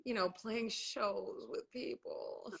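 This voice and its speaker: Fifties woman host, bright and lively, swears freely, on a video call. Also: slow, vocal fry, husky. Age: 50s. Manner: animated, swears freely, big swings in pitch. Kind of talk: casual livestream chat.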